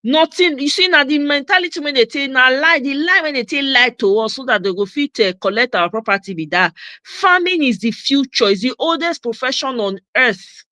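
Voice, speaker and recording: Nigerian woman chatting on a livestream, bright and emphatic, pidgin mixed in, dry close sound. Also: high-pitched, expressive, brisk, dry recording. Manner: emphatic, mixes Pidgin and English. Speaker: host. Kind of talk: casual livestream chat.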